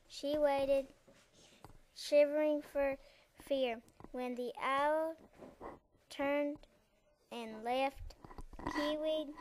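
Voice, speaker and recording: A woman reading a class-written picture story aloud in a careful, halting way. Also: high-pitched, a little mellow, slight background noise.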